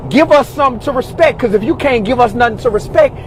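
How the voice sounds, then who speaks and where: A man's voice: very high-pitched, fast, slight background noise, rough recording. A man delivering a heated, exasperated rant from a car, repeating the same exclamations again and again. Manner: exasperated, repeats "God, dog, bro". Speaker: commentator in a social media video.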